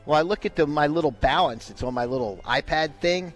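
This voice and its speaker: Man telling a lively story on radio. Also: fairly high pitch, brisk, faint music behind. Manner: animated, acts out quoted lines. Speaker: radio show host. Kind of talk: casual storytelling chat.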